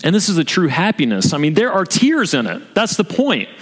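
Earnest male pastor, slightly raised pitch, presses points with repeated questions; recorded with a long church-hall echo. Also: huge pitch swings, a little fast. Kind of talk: sermon. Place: church sanctuary.

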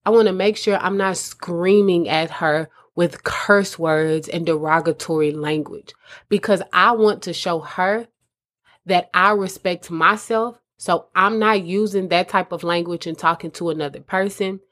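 Speaking in a lowish, slightly bright voice at a measured pace, a host offers mothers earnest, conversational advice in a casual talk, addressing them as "mamas."

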